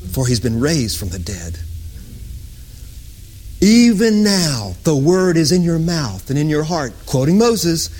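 Impassioned high-voiced male preacher. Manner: impassioned, swings from loud sung-out lines to hushed whispers. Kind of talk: sermon.

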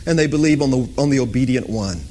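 A man preaching a sermon with passion, sometimes chanting lines and sometimes dropping to a hushed whisper. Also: medium pitch, fast. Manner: impassioned, swings from loud sung-out lines to hushed whispers.

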